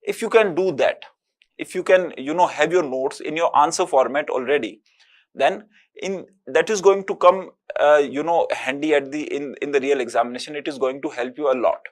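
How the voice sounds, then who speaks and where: A man giving a recorded exam-prep lecture, explaining steadily and often pausing on "uh, you know". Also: a little high.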